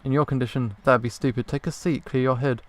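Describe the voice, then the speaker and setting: An easygoing, helpful male fisherman from a video game, as a man puts him on. He talks in a casual way at an average pitch. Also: fairly even intonation, quick pace, no echo, natural voice. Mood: friendly.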